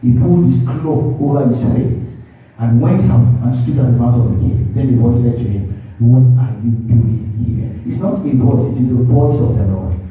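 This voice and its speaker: A man's voice: medium pitch, moderate pace. A man preaching a sermon as pastor. He speaks emphatically, repeats his points and calls on the congregation to respond. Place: church sanctuary. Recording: echoey church hall, distant dull mic.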